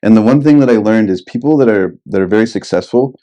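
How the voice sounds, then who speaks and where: A man's voice: on the low side, fast talker, dark tone. A young man telling rambling, expletive-laden stories in a casual podcast chat. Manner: rambling anecdotes, heavy swearing.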